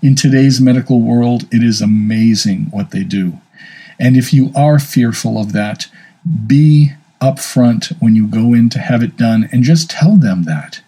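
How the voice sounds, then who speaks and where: A man's voice: medium pitch, unhurried, dark tone, breathy edge, rough recording. A man in his fifties talking candidly and casually, telling a personal story and giving advice. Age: 50s. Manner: candid, storytelling, self-deprecating. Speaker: speaker sharing health advice.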